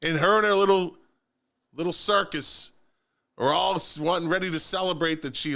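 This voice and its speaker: A man co-hosting a political chat show from a studio, telling the story in an animated, sarcastic way. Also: on the high side, normal speed, gravelly. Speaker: co-host of a local politics livestream. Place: radio studio.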